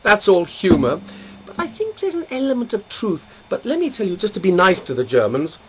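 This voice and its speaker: A man telling jokes in an animated way and breaking into song. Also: sits high, a little fast, noisy background. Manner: animated storyteller, slips into voices and song. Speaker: comedic commentator and singer. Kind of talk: joke-telling with songs. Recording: dull lo-fi with faint guitar.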